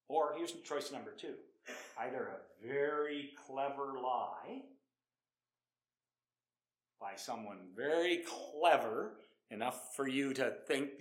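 Guy preaching hard, bright forceful voice, gets loud then drops quiet, keeps repeating himself. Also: mid-range voice, animated, slow pace, long pauses. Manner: emphatic, swings from loud to hushed; repeats words, restarts often. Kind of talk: evangelistic sermon.

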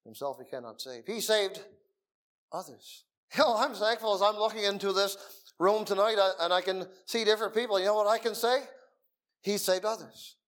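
Earnest man preaching, soft then raised. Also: high-pitched, steady tone, a little fast. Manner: earnest, swings between soft murmurs and raised emphasis. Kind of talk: sermon. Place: meeting room.

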